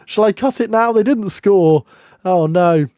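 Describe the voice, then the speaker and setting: A young man commentating on his own football management game, excitable, with groans and shouts at near misses and goals. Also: high voice, measured pace, dry recording, studio quality. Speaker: gaming YouTuber.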